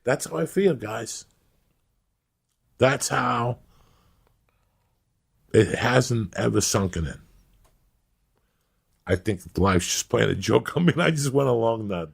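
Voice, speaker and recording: A middle-aged man hosting a podcast, telling rambling, animated stories in casual chat. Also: medium pitch, slow pace, long pauses. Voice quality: very raspy and gravelly. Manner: animated, rambling, acts out scenes. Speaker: podcast host.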